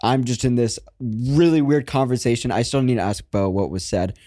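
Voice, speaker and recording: A man who is a guest on a podcast, telling a story in relaxed casual chat, self-mocking and quick to giggle. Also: medium pitch, no room sound, clean studio sound.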